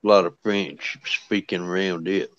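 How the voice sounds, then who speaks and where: A man chatting slowly and easily as a guest on a livestream. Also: low-pitched, steady tone, fairly bright tone, dry recording, dull audio. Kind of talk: casual livestream chat.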